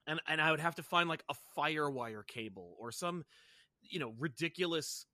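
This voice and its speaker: A man's voice: on the high side, expressive, normal speed, sharp tone, dry recording. A man in his thirties, a podcast guest, talking in a casual, rambling way with lots of fillers and restarts. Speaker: podcast guest, comics YouTuber. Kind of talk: casual chat.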